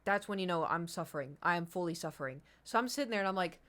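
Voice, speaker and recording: A woman's voice: fairly low pitch, quick pace, hardly any pauses. A young woman streamer casually telling a long story to her chat, acting out what her friends said, rambling and restarting. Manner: animated, acts out quotes of friends, rambling with restarts.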